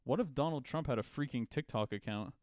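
A man's voice: mid-range voice, a little fast, a little mellow. A man from southern Ontario co-hosting a casual sports podcast, laughing often and swearing freely. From southern Ontario, Canada. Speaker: podcast co-host. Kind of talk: casual chat.

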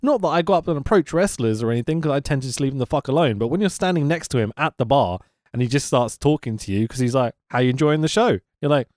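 A man co-hosting a wrestling podcast in casual chat, swearing freely, laughing often and rambling quickly. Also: medium pitch, lively intonation, darkish tone, no room sound, clean studio sound.

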